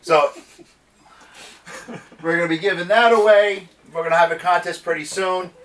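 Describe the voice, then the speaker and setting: A man's voice: high voice, steady tone, normal speed, noisy background. A man hosting a casual geek talk show, rambling through stories with lots of restarts. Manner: rambling storyteller, restarts and self-corrections. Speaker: podcast host. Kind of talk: casual chat. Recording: distant from the mic.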